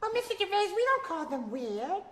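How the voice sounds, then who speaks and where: A man performing a small, sweet, childlike furry red monster puppet, with a high squeaky falsetto who calls himself by his own name. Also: big pitch swings, normal speed, fairly bright tone, reverberant, heavily acted. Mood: cheerful.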